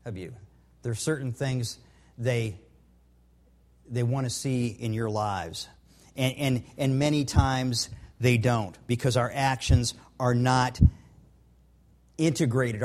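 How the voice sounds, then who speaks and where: A man's voice: mid-range voice, darkish tone. A middle-aged man preaching a sermon in an earnest, conversational way, with personal stories. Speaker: pastor.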